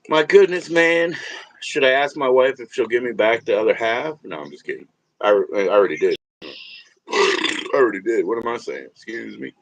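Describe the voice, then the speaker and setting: Male livestreamer with a lowish voice, loose and profane, chatting and laughing with viewers. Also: a little hiss or hum. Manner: rambling, profane, laughs often, talks to viewers. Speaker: livestream host. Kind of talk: casual livestream chat.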